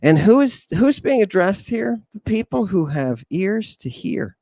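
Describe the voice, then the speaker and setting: A man preaching a scripture lecture with animated, sweeping pitch and a slightly high voice. He talks slowly and deliberately, calls out to his listeners, and sighs between points. The sound is close and dry, with no room around it. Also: no echo. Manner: animated, preacherly, keeps addressing listeners as "people" and asking "right?"; sighs often, sarcastic asides. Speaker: host.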